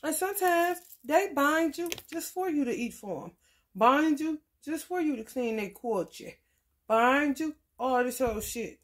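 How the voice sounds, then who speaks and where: Woman tarot reader with a fairly high voice, speaking in a blunt, profane rant that jumps from shouting to muttering. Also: animated, measured pace. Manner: blunt, profane, swinging between loud outbursts and muttered asides. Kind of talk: casual tarot reading rant.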